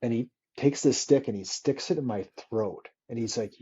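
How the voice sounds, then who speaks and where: A man, a former hockey player, telling stories in a casual interview, animated and swearing freely as he acts out old quotes. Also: medium pitch, moderate pace, breathy edge, muffled recording.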